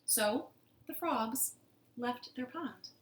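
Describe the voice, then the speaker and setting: A woman's voice: fairly high pitch, very slow, roomy sound, slight background noise. A woman librarian reading a picture book aloud to children from her living room, playful and asking them questions. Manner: animated and playful, asks the kids questions.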